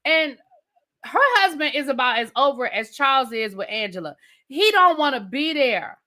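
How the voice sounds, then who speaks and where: Incredulous, bright-voiced woman ranting. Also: high-pitched, expressive. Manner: blunt, incredulous, rapid-fire rhetorical questions. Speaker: TV review host. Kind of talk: casual rant review.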